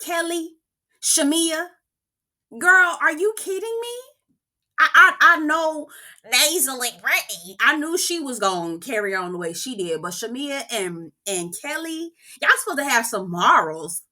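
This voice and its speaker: A woman hosting a casual reality TV review vlog, sassy and animated, talking straight to her viewers and calling them "girl". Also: high-pitched, a little slow. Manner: talks straight to the viewers, asking what they think. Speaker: host of a reality TV review channel.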